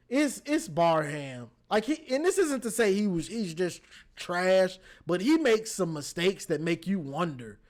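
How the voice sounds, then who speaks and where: A man giving a casual football game recap, animated, talking straight to the players and repeating his words. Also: sits high, moderate pace. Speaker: football fan reviewing a game.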